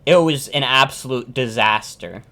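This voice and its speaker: Brief: foul-mouthed live streamer, mid-pitched voice, loose rambling rant about video games. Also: a little slow, bright, forceful tone. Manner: profane, ranting, repeats themselves. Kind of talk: casual live-stream reaction chat.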